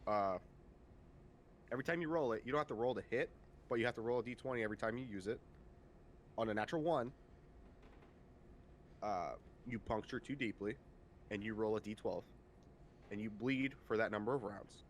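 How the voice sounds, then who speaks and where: A man with a lowish voice runs a tabletop game, narrating at an easy pace and pausing often with fillers. He talks over a home microphone on a voice call, with a faint hiss behind him. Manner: relaxed, halting narration with many fillers. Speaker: game master.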